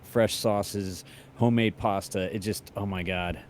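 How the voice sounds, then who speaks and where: Relaxed man telling an anecdote. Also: on the low side, measured pace. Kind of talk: casual storytelling chat.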